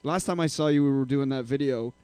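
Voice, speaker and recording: A man hosting a casual internet radio show, loud, joking and laughing often as he banters in a studio. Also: mid-range voice, a little fast, clean tone, no room sound.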